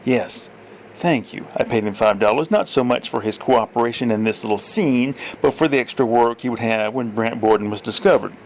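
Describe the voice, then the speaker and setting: A man's voice: medium pitch, brisk, hardly any pauses, slight background noise, rough recording. A man reading his own fiction aloud, plainly, with small slips and corrections.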